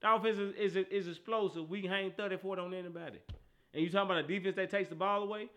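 High bright-sounding guy doing a sports talk rant, aave, teasing, repeating himself, laughing a lot. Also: fairly even intonation, rapid-fire.

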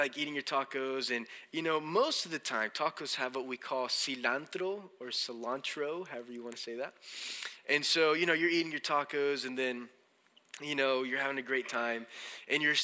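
A man preaching to his congregation in a big, echoing church hall. His voice is very bright and forceful, and his tone swings between animated storytelling with acted-out lines and slow, deliberate scripture reading. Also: fairly high pitch. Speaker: pastor. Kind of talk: sermon. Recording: long hall reverb.

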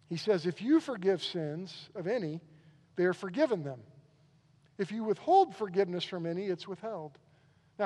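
A high-pitched male pastor delivers an animated sermon, voicing the disciples' shocked reactions as he goes. His voice rings out in a church hall with a long, lingering reverb. He talks with frequent quick restarts.

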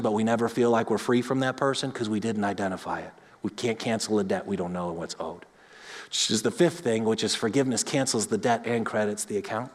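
Pastor guy preaching in church, voice echoing round a big hall, goes loud and emphatic then drops soft. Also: medium pitch. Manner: animated storytelling, rising to emphatic peaks then dropping soft. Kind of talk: sermon. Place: church sanctuary. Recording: long reverb of a church hall.

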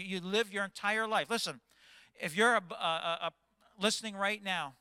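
Impassioned bright-voiced pastor in his fifties. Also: sits high, moderate pace, clear, resonant tone, no room sound. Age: 50s. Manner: impassioned, agitated preaching. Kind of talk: sermon.

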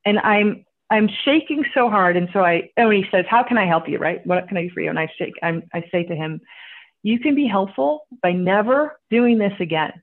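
A woman guest telling a story in casual chat, animated, acting out what people said and swearing casually. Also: medium pitch, a little fast. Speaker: guest entrepreneur. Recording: tinny phone-like line.

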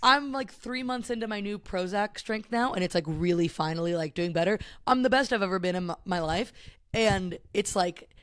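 A man's voice: sits high, moderate pace, fairly bright tone, clear, resonant tone. A man co-hosting a casual comedy podcast, talking in loose rambling sentences full of "like". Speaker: podcast co-host.

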